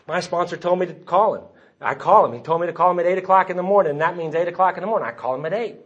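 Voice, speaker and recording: Man, husky and fairly high voice, storytelling testimony on a dull lo-fi recording. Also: fast, pauses often. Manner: storytelling, voices the people he quotes. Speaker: recovery meeting speaker. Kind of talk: personal testimony talk.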